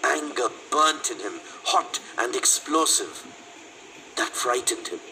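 Male teacher reading a class story, slow and very bright, expressive and dramatic. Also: medium pitch, a little hiss or hum, low-quality recording.

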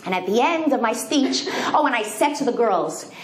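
A middle-aged woman giving an inspirational talk to a women's group, telling stories with lively acted-out quotes. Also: a little high, moderate pace. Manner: animated storytelling with sung and acted-out quotes. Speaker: speaker. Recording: echoey room with faint background noise.

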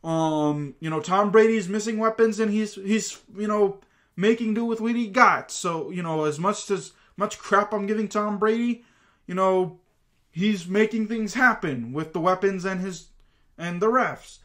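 A man with a fairly high voice talks through his sports picks in a loose, casual way. He rambles, circles back and fills gaps with plenty of asides. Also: measured pace, fairly bright tone. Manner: rambling, chatty, lots of fillers and asides. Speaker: channel host. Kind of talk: casual sports prediction talk.

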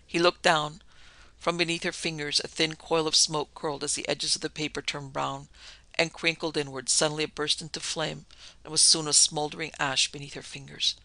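Gravelly, bright-voiced male horror narrator. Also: a little high, little pitch movement, normal speed, no echo, low-quality recording. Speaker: podcast narrator. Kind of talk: scripted horror story narration.

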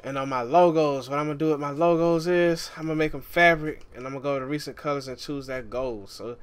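A man casually walking viewers through a game tutorial, relaxed and chatty, often calling the listener "man". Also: on the high side, fast, clear, resonant tone, soft background music. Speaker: gaming YouTuber.

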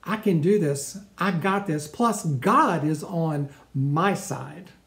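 A man's voice: fairly high pitch, slow pace, creaky, a bit bright, echoey room, exaggerated voice. A man voicing a brash young shepherd who speaks in an eager, cocky way. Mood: confident.

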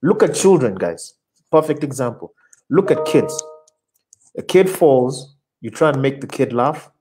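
Animated male ad creative in conversation. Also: medium pitch, normal speed, noisy background. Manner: animated, repeats words while searching for them. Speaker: advertising creative director, guest. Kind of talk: casual online interview, answering audience questions.

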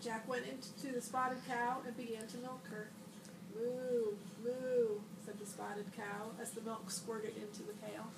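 Woman librarian reading a children's storybook aloud, high voice, expressive, a bit off-mic in an echoey room with noise behind. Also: moderate pace, creaky, hardly any pauses, recorded from a distance. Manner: expressive storybook reading, bright shouts for the boy's lines. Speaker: school librarian.

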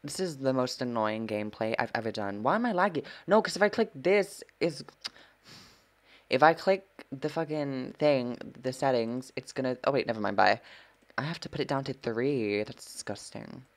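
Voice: medium pitch, animated, normal speed. A gameplay streamer giving live commentary, full of sassy trash talk, swearing and dramatic gasps.

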